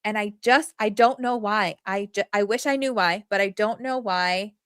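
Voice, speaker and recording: Woman co-host, mid pitch, chatty and rambling, close dry mic. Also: normal speed, clear, resonant tone, no room sound. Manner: animated, rambling with many fillers. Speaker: podcast co-host. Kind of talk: casual chat.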